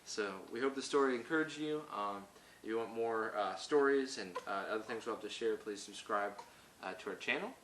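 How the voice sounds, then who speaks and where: A young man, a husband and new father, telling the story in a relaxed conversational way. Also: fairly low pitch, brisk. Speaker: co-host, husband. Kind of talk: casual personal storytelling. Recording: echoey room with audible noise.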